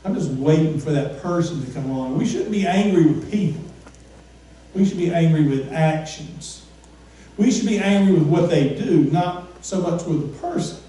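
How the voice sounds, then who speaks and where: A man's voice: fairly high pitch, normal speed, warm tone. A man preaching a casual, conversational sermon, often asking the congregation questions and stumbling over repeated words. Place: church sanctuary. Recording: echoey church room from far off, faint noise.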